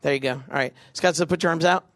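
A young man leading a big youth crowd through a game, joking and doing quick silly voices. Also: a little high, a bit bright, no echo, studio quality. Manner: goofy, quick asides, acts out voices. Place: event venue with a live audience.

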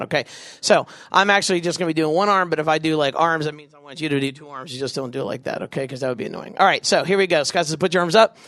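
A young man leading a big youth crowd through a game, joking and doing quick silly voices. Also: a little high, steady tone, a bit bright, no room sound. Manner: goofy, quick asides, acts out voices. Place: event venue with a live audience.

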